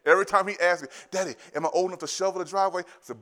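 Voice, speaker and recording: A man in his thirties, a pastor, preaching a sermon, telling family stories in an animated way, repeating phrases and often laughing. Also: high-pitched, racing, few pauses. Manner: animated storytelling, rising to loud excited bursts.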